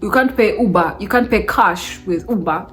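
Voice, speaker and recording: Animated woman telling a story. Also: mid-range voice, normal speed, soft background music. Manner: animated, laughs between remarks. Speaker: vlogger. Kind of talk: casual storytelling.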